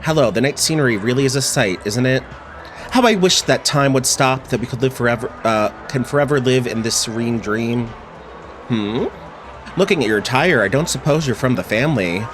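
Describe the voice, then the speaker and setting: A man's voice: mid-range voice, expressive, fairly quick, a bit bright, a little hiss or hum, lightly acted. Casting: sly, polished journalist, read by a man, theatrical and teasing. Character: smooth, sly investigative journalist.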